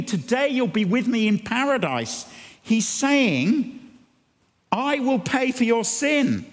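Man, sermon, earnest and emphatic, high-pitched, long hall reverb. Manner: earnest, building to emphatic peaks. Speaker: preacher.

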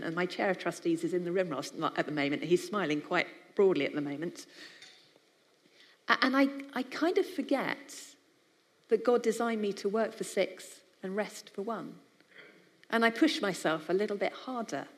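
A woman's voice: mid-range voice, animated, normal speed. A woman from the United Kingdom preaches to an audience, keeping it conversational and personal. Her voice carries the long reverb of a big hall. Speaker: speaker for a biblical counselling charity. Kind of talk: sermon-style talk to a live audience.

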